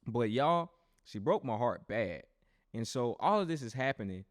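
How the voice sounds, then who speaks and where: A young adult man hosting a podcast and telling a personal testimony in a loose, animated, conversational way, often speaking straight to his listeners. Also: mid-range voice, normal speed, no echo, studio quality. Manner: animated storyteller who talks straight to listeners; loose and conversational, with frequent restarts. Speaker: podcast host.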